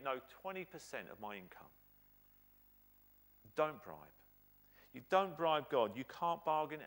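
A British man delivers a sermon from the pulpit, his voice sitting a little high and swinging widely in pitch. He drives points home by repeating short phrases with emphasis. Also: a bit bright. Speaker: pastor.

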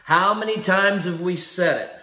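A man's voice: high-pitched, normal speed, sharp tone, reverberant. A man preaching a sermon in an emphatic style, asking rhetorical questions and repeating key phrases. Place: church sanctuary.

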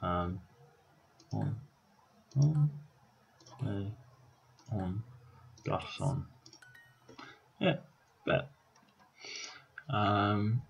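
Young Scottish man, low husky voice, casual and sweary, tired, dull lo-fi recording. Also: animated, drawn-out words, pauses often. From Scotland. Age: 20s. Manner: casual, sweary, thinking aloud with many ums. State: tired, up all night on coffee. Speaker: YouTuber. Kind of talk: casual vlog commentary.

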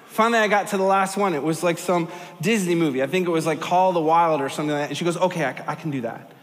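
A male pastor with a high voice, preaching in a large church auditorium. He tells his story in a joking, animated way, and his words carry a long reverb. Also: quick pace. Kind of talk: sermon with a comic story.

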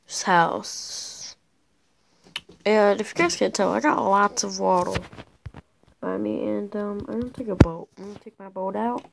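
A woman's voice: medium pitch, gravelly, a little hiss or hum, low-quality recording. A teenage girl chatting casually while playing a video game, rambling and mocking herself as she goes. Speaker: gameplay commentator. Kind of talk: casual gameplay commentary.

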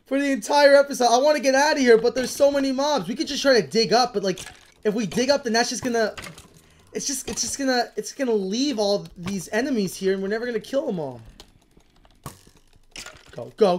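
A young woman who hosts a gaming channel gives casual, excitable commentary on her own gameplay, panicking and repeating herself. Her voice is a little high, with a bit of hiss or hum on the recording.

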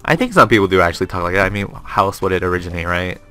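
A man's voice: sits low, animated, racing, sharp tone, clean tone, faint music behind. A man hosting a casual let's-play, rambling and joking to himself as he plays. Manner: rambling and self-amused, chats to himself. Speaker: gaming channel host.

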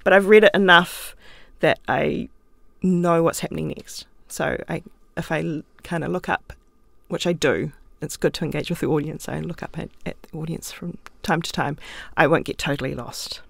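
Gravelly-voiced New woman, podcast guest. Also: deep voice, fairly even intonation, normal speed, dry recording. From New Zealand. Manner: thoughtful, chatty, laughs easily, talks with her hands. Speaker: interview guest, author and playwright. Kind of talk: casual conversational interview. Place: podcast studio. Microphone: studio microphone.

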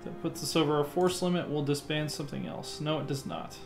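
A man's voice: on the high side, steady tone, a little fast, music in the background. A man hosting a strategy game playthrough, thinking aloud as he clicks through menus and muttering half-finished plans. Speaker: let's play host. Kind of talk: casual gameplay commentary.

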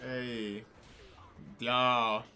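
A young man reacting to an anime, excitable and slangy, laughing often. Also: mid-range voice, drawn-out words, faint music behind. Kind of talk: casual reaction commentary.

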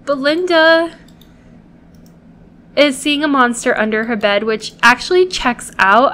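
Brief: high-pitched woman, unhurried gameplay commentary, chatty and pleading with her game characters. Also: fairly bright tone. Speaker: gameplay video host.

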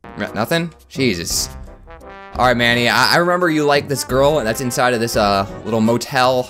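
A man's voice: medium pitch, moderate pace, fairly bright tone, soft background music. A man giving live comedic gameplay commentary, rambling and stammering with self-mocking humor. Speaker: gaming YouTuber.

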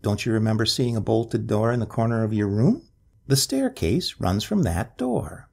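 A man voicing a nervous, secretive, sickly stout man with a sharp, rasping voice in a spoken ghost story. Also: lowish voice, sing-song, normal speed, heavily acted. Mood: guarded.

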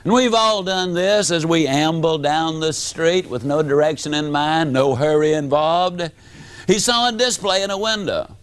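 Man, motivational speaker, folksy storytelling, fairly high voice, dramatic swings. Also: measured pace, clean tone. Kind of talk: storytelling speech to an audience.

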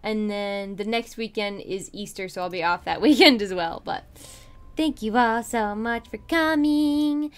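With a mid-range voice and a slightly slow pace, a young livestreamer plays a game and chats in a casual, bubbly way. She's tired, hiccups, and now and then mumbles to herself.

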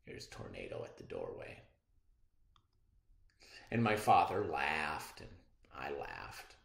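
Expressive storybook reader, male, slow and very animated, echoey room. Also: extremely low pitch, vocal fry. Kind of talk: reading a children's chapter book aloud. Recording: roomy echo.

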